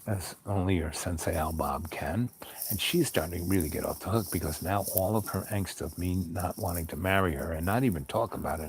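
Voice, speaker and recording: Man, deep voice, storytelling host, rambling, calm, wry. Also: a little hiss or hum. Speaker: podcast host. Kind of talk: personal storytelling monologue.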